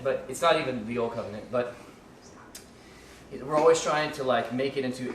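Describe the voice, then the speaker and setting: A man's voice: mid-range voice, a little fast, long pauses. Casting: male ministry teacher, rambling talk full of restarts, heard from a distance in an echoey room with faint noise. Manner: rambling with many restarts and fillers, joking with the audience. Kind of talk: informal teaching to a live class.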